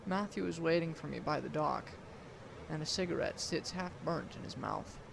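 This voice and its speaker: Young man narrating with gravelly drama. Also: a little high, background noise. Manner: deliberate, dramatic storytelling delivery. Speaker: student storyteller. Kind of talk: dramatic first-person story narration.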